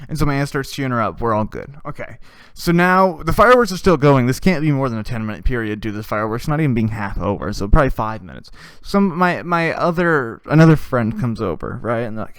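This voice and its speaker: A man's voice: fairly high pitch, lively intonation, quick pace, a bit bright, clean tone, dry recording. A man hosting a casual podcast, telling a story with frequent swearing, laughter and hummed tunes. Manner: laughs often and hums tunes while telling stories; swears freely. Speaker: podcast host.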